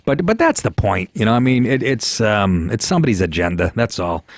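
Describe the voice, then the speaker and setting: A man's voice: fairly low pitch, big pitch swings, fairly quick, no room sound. Brash joking male radio host, dry sound. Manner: brash, joking, laughs often, stumbles over words. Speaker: radio talk show host. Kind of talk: casual call-in talk.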